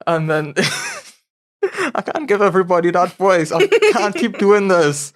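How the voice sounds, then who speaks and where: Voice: mid-range voice, measured pace. A podcast co-host spinning a comedic story with frequent laughter and loose grammar. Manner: animated storyteller, laughs often, nonstandard grammar. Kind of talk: casual comedic brainstorming.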